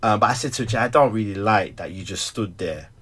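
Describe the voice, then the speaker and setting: A middle-aged man, a stay-at-home father who also preaches, talking candidly in an animated, storytelling way with frequent laughter. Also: fairly low pitch, a little fast, slightly rough. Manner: animated storyteller, acts out quotes, laughs often. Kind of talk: candid conversation.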